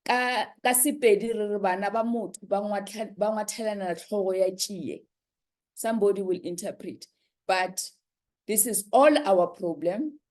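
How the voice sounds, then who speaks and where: A woman speaking for an industry association at a panel forum, halting often and repeating words. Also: medium pitch, darkish tone.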